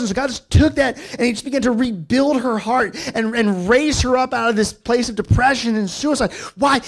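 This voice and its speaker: A man's voice: very high voice, brisk, few pauses. A man preaching a sermon as a pastor, in a casual, conversational way with many fillers before he leads a prayer.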